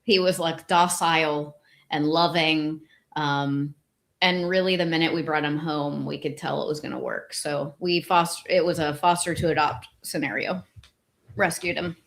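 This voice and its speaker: A woman's voice: low-pitched, fairly even intonation, normal speed. Frank, casual female podcast co-host. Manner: casual, frank, heavy on filler words. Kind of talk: casual chat.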